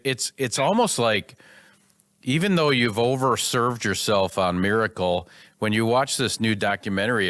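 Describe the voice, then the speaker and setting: A man's voice: medium pitch, fairly bright tone, dry recording, studio quality. A man hosting a hockey podcast, asking eager, enthusiastic questions like a devoted fan. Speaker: podcast host. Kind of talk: conversational interview.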